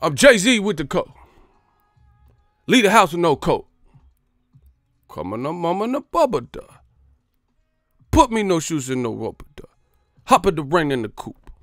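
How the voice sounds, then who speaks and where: A man's voice: fairly high pitch, a bit bright, no room sound, studio quality, voice pushed up. A man mimicking a mumbling male rapper who slurs nonsense rhymes in a sing-song way.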